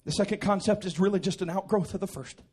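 A pastor preaching a sermon in a church, moving from quiet teaching to loud, shouted exhortation. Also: male voice, sits high, quick pace, breathy edge. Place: church auditorium.

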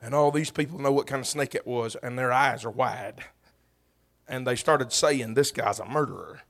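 A man preaching a sermon, telling a story with animation, bursts of shouting and laughter. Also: medium pitch, steady tone, normal speed.

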